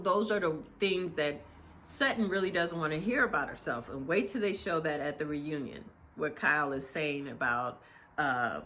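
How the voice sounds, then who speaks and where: Low-voiced chatty woman recapping. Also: a bit bright. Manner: chatty and gossipy, many fillers. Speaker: reality TV recap host. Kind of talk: casual episode recap.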